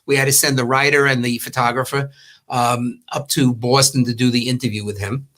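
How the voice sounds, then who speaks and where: A man's voice: mid-range voice, steady tone, fairly quick. An older man from the New York area, a former magazine owner, telling long anecdotes in casual talk and acting out the quotes. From Long Island, New York. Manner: rambling, warm storytelling with acted-out quotes.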